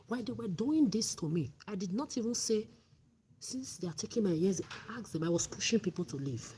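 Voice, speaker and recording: A woman's voice: medium pitch, expressive, a little fast, a little mellow. A middle-aged woman giving blunt, exhorting advice on a livestream, often repeating herself. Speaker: livestream host.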